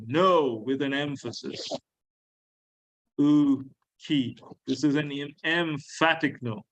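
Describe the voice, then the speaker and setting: A man lecturing a class on Greek grammar, slowly repeating key words and asking his students questions. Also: mid-range voice, muffled recording. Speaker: Greek teacher.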